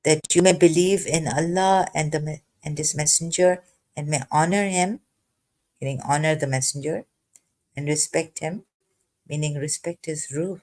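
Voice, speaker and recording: A speaker giving a halting, informal commentary on a scripture verse, with a cough, often repeating words and restarting sentences. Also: mid-range voice, a little mellow. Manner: slow and deliberate, dwells on single words. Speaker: religious commentator.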